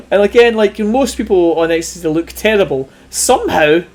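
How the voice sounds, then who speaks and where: A man narrating as game master of a tabletop role-playing game, talking in a relaxed, rambling way with lots of fillers. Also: high voice, moderate pace, a crowd in the background. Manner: laid-back, rambling, with many fillers and laughs.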